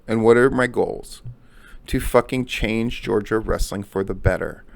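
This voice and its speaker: A man's voice: mid-range voice, normal speed, creaky. A middle-aged man giving a blunt, profane solo commentary on wrestling news, repeating his points for emphasis. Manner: blunt and profane, heavy swearing.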